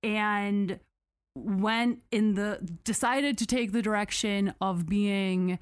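A woman hosting a podcast, retelling a story in a casual, animated, sarcastic way with mock quotes. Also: mid-range voice, slow, smooth. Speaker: podcast host.

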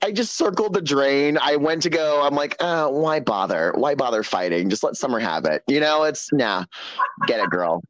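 A man guesting on an interview show, telling stories in a sassy, animated way with lots of quoted dialogue. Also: mid-range voice, moderate pace, no echo. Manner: sassy storytelling, animated quoting. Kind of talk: casual chat.

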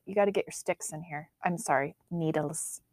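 A woman co-hosting a casual chat podcast, teasing and quick to agree. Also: low-pitched, darkish tone, no echo, clean studio sound. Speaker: podcast co-host.

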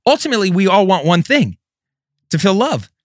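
A middle-aged man, a podcast host, telling an emotional personal story, his voice swinging between loud and hushed. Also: sits high, big pitch swings, fairly quick, no room sound, studio quality.

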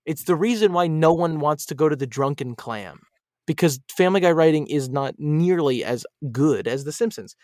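A man talking as a podcast guest in casual chat, opinionated and animated, often laughing between points. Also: a little high, normal speed, no echo, clean studio sound.

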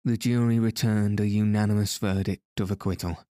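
A man's voice: fairly low pitch, fairly even intonation, moderate pace, dark tone, no echo, clean studio sound, close to an everyday voice. A man voicing a frightened, stammering young suspect who pleads his innocence, in a storybook reading. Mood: defensive. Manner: nervous, pleading.

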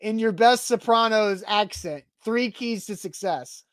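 A man's voice: high voice, a little slow, dry recording, clean studio sound. A man hosting a casual sports chat in an easygoing way. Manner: easygoing, laughs along. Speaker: host.

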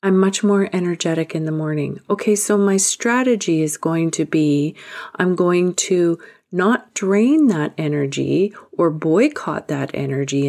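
A woman with a fairly low, warm voice hosts a self-help podcast, giving a motivational talk. She speaks earnestly and emphatically, sometimes dropping to a whisper to drive a point home.

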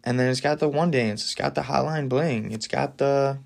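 A man's voice: medium pitch, normal speed, vocal fry. A young man hosting a casual solo podcast, talking enthusiastically and with firm opinions, often laughing between remarks. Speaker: podcast host.

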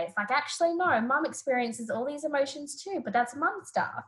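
A woman's voice: sits high, moderate pace, few pauses, rough recording. A woman therapist with an Australian accent, talking through parenting ideas as a guest on a podcast interview and acting out scenes from her own home. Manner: reflective, animated when retelling stories.

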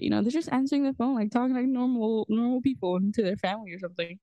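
A woman's voice: a little high, fast, few pauses, mellow, no room sound. A woman co-hosting a podcast in casual chat, laughing often as she shares memories. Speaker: podcast co-host.

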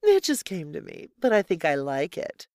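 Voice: mid-range voice, wildly swooping pitch, moderate pace, a little mellow, no room sound, clean studio sound. A narrator voicing a bossy young woman who teases and mocks in a playful way. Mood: teasing. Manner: mocking, playful.

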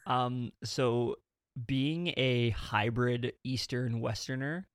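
A man's voice: mid-range voice, takes it slowly, no room sound, studio quality. A Canadian man with a mix of Eastern and Western Canadian accents, hosting a podcast in casual, rambling chat and often restarting his sentences. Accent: mixed Eastern and Western Canadian. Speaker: podcast host.

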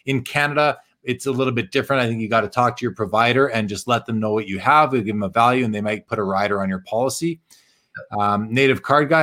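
Male live-show host, tired and hoarse, middle pitch, casual and halting as he reads comments aloud. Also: fairly bright tone. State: tired, losing his voice. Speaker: podcast host. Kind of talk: casual live-stream chat reading viewer comments.

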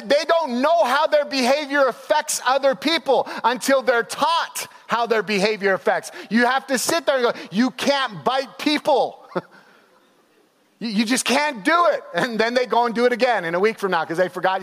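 High-voiced animated young male pastor. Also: brisk, few pauses. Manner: animated storytelling with laughs and acted-out quotes. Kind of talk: sermon. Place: church. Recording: long hall reverb.

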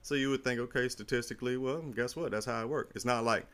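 A middle-aged man in casual chat, telling a long story in a rambling, animated and profane way. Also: mid-range voice, quick pace.

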